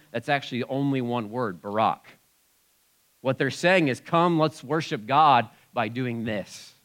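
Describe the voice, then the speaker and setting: A man preaching to his congregation in a lively, animated way. His pitch sits in the middle range, and he swings between quiet, conversational asides and sudden loud exclamations. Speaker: pastor. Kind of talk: sermon.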